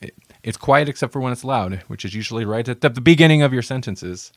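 A man's voice: medium pitch, animated, fast talker, dry recording, clean studio sound. A man hosting a podcast in casual chat, joking and rambling with frequent laughs. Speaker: podcast host.

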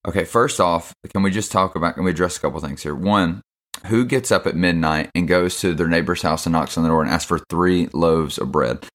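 A man's voice: sits low, fairly quick, a bit bright. A young man hosting a casual devotional podcast, laid-back and slangy, with lots of fillers. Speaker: podcast host.

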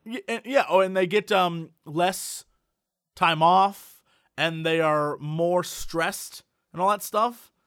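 A man hosting a comedy podcast, talking in an animated, rambling, riffing way. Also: high-pitched, slow, clean tone, no room sound, studio quality. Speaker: podcast host. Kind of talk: casual comedic chat.

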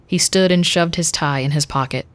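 A woman reading a dark fantasy story aloud in a measured, even voice. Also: low-pitched. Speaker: narrator. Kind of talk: scripted story narration.

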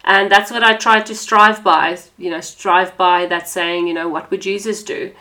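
A woman's voice: on the low side, fairly even intonation, normal speed, pushed and bright. A woman from South Africa hosting a faith podcast, sharing her personal testimony in an earnest, conversational way with frequent fillers. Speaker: podcast host.

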